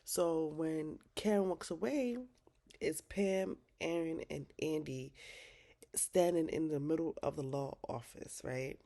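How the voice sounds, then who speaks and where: Low, mellow-voiced woman recapping TV. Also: slow. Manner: slangy, candid, swears freely. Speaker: TV recap vlogger. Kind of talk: casual TV show recap.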